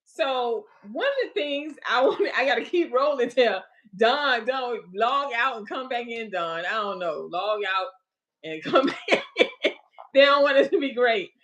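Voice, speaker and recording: A woman's voice: on the high side, fairly bright tone, dull audio. Chatty woman hosting a livestream. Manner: chatty, addresses viewers directly with folksy asides; reads health facts aloud haltingly between chat. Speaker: livestream host. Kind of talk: casual livestream chat.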